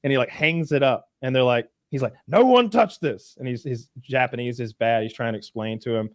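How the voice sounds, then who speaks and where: A man's voice: medium pitch, fairly quick, no room sound, clean studio sound. A man co-hosting a podcast, casually recapping a show and acting out the characters in quoted voices, with plenty of swearing. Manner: animated storytelling, acts out characters in quoted voices, swears freely. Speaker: podcast co-host.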